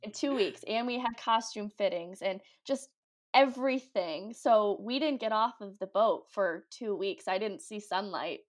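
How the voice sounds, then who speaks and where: A young woman chatting casually as a guest, upbeat and talkative. Her speech is full of "like" and little fillers, and her pitch sits in an ordinary middle range. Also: a little slow. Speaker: guest, cruise ship ice skater. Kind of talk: casual interview chat.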